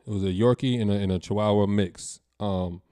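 A man co-hosting a casual chat with friends, telling stories in a slangy, profane, animated way. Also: fairly low pitch, fairly quick, clear, resonant tone, no room sound.

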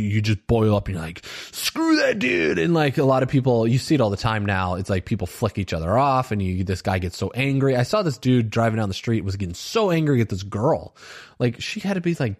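A man's voice: on the low side, animated, fast, a little mellow. A middle-aged man hosting a solo podcast, talking earnestly and loosely, with lots of fillers like "you know" and "like.". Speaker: podcast host. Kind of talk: solo self-reflection podcast monologue.

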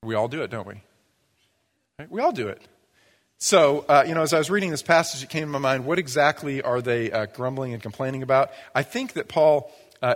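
Conversational male pastor in a reverberant church. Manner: conversational and humorous, mimics grumbling in a low mutter. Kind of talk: sermon. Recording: long reverb of a church hall.

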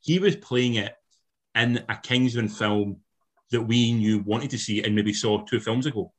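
A man's voice: lowish voice, a little slow. A man co-hosting a casual film review chat, giving long, analytical critiques with sweary asides. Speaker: film podcast co-host.

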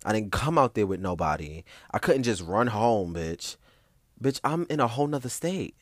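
Animated young man telling a story. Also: fairly low pitch, normal speed, dry recording, clean studio sound. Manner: expressive, profane, heavy ballroom slang. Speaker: ballroom competitor.

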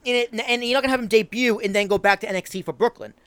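A young man co-hosting a casual podcast, brash and crude, joking loudly and talking over his partner. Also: high voice, very fast, clear, resonant tone, no echo. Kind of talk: casual chat.

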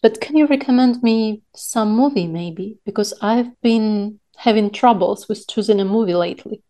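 A woman co-hosting a podcast, speaking in a measured, reflective way in casual chat. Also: mid-range voice, warm tone. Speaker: podcast co-host.

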